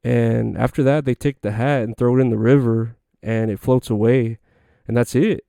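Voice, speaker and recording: A man's voice: medium pitch, steady tone, moderate pace, gravelly, warm tone, no room sound, clean studio sound. A young man hosting a podcast on his own, telling stories in a loose, profane way with lots of fillers. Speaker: podcast host. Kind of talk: casual solo podcast monologue.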